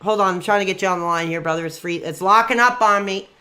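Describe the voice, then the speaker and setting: Rambling, quick-tempered male streamer. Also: high voice, bright, forceful tone. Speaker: streamer hosting call-ins. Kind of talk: live call-in stream.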